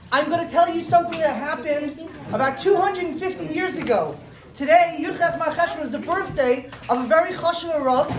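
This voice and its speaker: A woman telling a story to children in a synagogue hall, animated and stopping to ask them questions. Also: high-pitched. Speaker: storyteller at a children's learning program. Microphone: distant room mic. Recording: roomy hall from far off, faint ambience.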